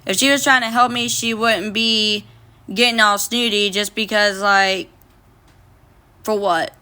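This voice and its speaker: She speaks at a measured pace in a medium-pitched, pushed, bright voice, holding a steady tone. A young woman on a casual phone livestream, she reads viewer comments out loud and answers them bluntly with lots of profanity.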